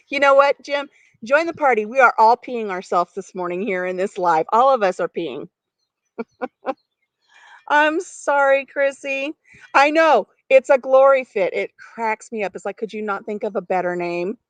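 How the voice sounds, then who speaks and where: A woman's voice: fairly high pitch, lively intonation, measured pace, no echo. Chatty giggly woman on a farm porch. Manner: chatty, giggly, talks to viewers by name. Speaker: live stream host. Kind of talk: casual live-stream chat.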